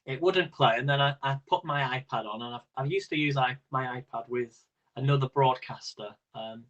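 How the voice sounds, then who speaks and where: A man's voice: mid-range voice, moderate pace, fairly bright tone, lo-fi sound. A man hosting a live-stream quiz in a casual, rambling way, laughing often as he talks. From Britain. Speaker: quiz host.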